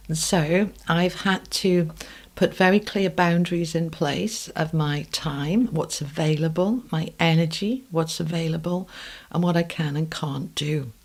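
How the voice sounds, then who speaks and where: A middle-aged British woman hosting a podcast, telling a personal story in a calm, measured way that sometimes drops to a soft hush. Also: sits low. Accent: British English. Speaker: podcast host.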